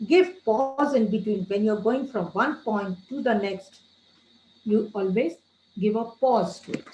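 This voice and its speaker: A woman trainer giving a training lecture, calling her listeners friends and slowing down to stress key words. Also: medium pitch, a little mellow, reverberant, lo-fi sound, slight background noise. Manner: addresses listeners as friends, gives tips.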